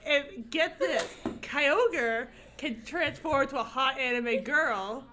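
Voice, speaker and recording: A woman's voice: sits high, expressive, slow pace, sharp tone. A woman guest at a live comedy podcast, telling a sheepish, self-mocking story. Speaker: audience guest.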